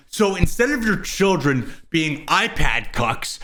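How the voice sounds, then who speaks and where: A young man rants at full tilt, swearing constantly and sounding fed up. His voice sits a bit higher than most men's. He is the host of his own commentary video. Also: very animated, a bit bright, slight background noise. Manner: crude, fast, exasperated swearing. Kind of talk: profane ranting commentary.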